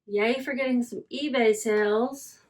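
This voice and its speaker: A woman's voice: fairly high pitch, steady tone, unhurried, a little mellow. A woman vlogger chatting casually as she packs and ships her online sales, thinking aloud and repeating herself. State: yawning, hiccuping. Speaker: reseller vlogger. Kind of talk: casual chatty vlog while packing orders.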